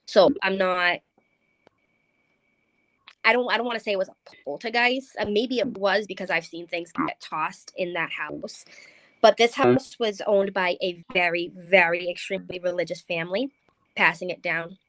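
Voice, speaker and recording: A woman's voice: lowish voice, steady tone, normal speed, fairly bright tone, no echo. A woman telling a ghost story as a paranormal investigator guest, hesitant and full of ums and restarts. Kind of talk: recounting a ghost story in conversation.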